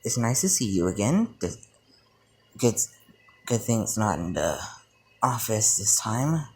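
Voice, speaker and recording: A man voicing a composed, polite teenage girl who speaks in a measured way. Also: lowish voice, big pitch swings, a little mellow, husky, full character voice. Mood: wary. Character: composed teenage girl, student council type.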